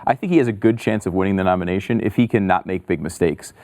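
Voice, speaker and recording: A man's voice: low-pitched, fast, a little mellow. A man co-hosting a talk show, chatting casually about politics and reading out figures in a conversational way. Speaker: co-host.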